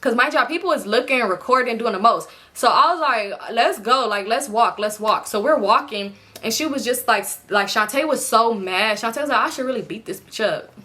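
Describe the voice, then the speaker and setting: A woman's voice: on the high side, moderate pace, hardly any pauses, bright, forceful tone. A woman vlogger telling a personal story in a casual, candid and profane way, acting out her friends' lines as she goes.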